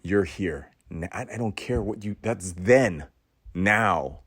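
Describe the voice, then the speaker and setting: In a low, husky voice with lively intonation, a male podcast host delivers a preachy, sermon-style motivational monologue full of dramatic pauses, repeated phrases, and stammered restarts. It's studio quality with no room sound.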